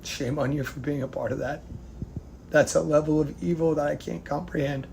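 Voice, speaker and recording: A man from the United States delivering an angry, profane rant to camera, swinging between loud outbursts and hushed, near-whispered lines. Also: a little high, steady tone, moderate pace, gravelly, slight background noise. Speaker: vlogger.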